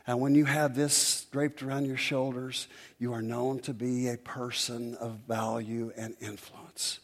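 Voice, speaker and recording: Male preacher, mid-range voice, emphatic sermon delivery with drawn-out pauses. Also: medium pitch, level tone.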